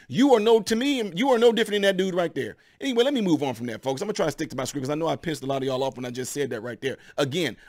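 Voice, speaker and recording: A man hosting his own channel, giving heated, rambling opinion commentary to his viewers. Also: on the high side. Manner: animated, rambling, addresses viewers as y'all.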